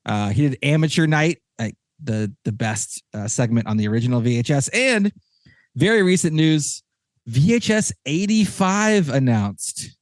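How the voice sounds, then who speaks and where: A man hosting a casual podcast chat with a Texan accent, rambling and excitable, with many restarts. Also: mid-range voice, normal speed, no room sound, studio quality. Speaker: podcast host.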